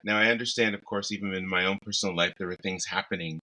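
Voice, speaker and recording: A man co-hosting a casual podcast chat, playful and quick to laugh. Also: deep voice, low-quality recording. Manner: laughs often, animated and playful. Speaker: podcast co-host.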